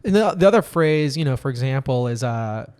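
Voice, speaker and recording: A man's voice: mid-range voice, lively intonation, a little fast, a little mellow, smooth. Easygoing young man with a Minnesotan accent. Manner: playful, easygoing, joking. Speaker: podcast guest. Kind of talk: casual chat.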